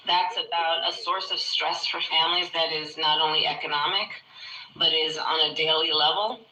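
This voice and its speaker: A woman politician gives a measured, deliberate answer and leans on repetition for emphasis. Her voice is bright and forceful. She is picked up from a distance in a roomy, echoing space with faint noise underneath. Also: low-pitched. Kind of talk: formal answer at a public event.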